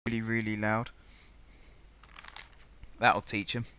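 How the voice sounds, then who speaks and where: A man's voice: on the low side, flat delivery, slow pace, sharp tone, a little hiss or hum. A man streaming live, muttering and thinking aloud as he plays, and easily exasperated. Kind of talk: live gameplay commentary.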